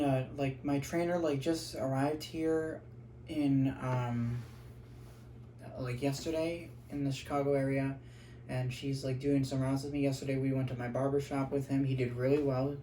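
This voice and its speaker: A man vlogging casually, earnest and grateful, talking haltingly with many fillers and restarts. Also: medium pitch, warm tone, slight background noise. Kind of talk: casual vlog talk.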